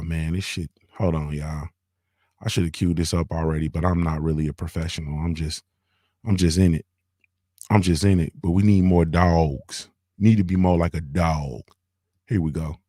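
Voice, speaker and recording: Guy with a lowish voice riffing on his stream, dry close mic, loose and repetitive. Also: fairly even intonation, moderate pace, warm tone, slightly rough, no echo. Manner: loose, repetitive, slangy rant with "you feel me". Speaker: morning show host. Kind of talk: casual streaming commentary.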